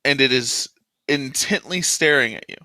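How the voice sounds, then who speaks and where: A man's voice: mid-range voice, moderate pace, pushed and bright, no echo. A man running a tabletop game as game master, narrating and laughing often with his players.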